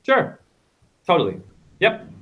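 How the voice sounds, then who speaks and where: Rambling lecturing man, slightly high voice. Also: huge pitch swings, slow pace, sharp tone, slightly rough. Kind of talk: casual online panel talk.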